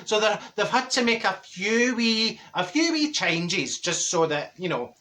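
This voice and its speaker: A man's voice: sits high, lively intonation, measured pace, sharp tone, full character voice. A man playing a chatty, straight-talking middle-aged Glasgow woman, telling a gossipy comic story in a Glaswegian accent. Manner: gossipy, giggly storytelling with wee asides. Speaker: comedy character host. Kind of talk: comic character monologue.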